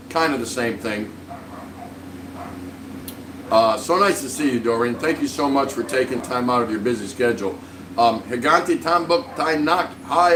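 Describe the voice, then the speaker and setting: A man hosts a casual live stream, chatting in a friendly, rambling way and greeting viewers by name. His voice sits at an ordinary middle pitch. It carries a roomy echo, sounds a little distant from the mic, and has a faint hum of background noise. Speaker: livestream vlog host.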